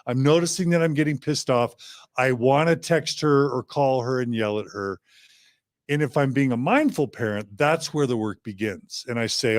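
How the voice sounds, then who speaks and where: A man's voice: medium pitch, normal speed, dry recording, studio quality. A man hosting a podcast, earnestly walking through a coaching scenario step by step. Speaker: podcast host. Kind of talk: coaching demonstration.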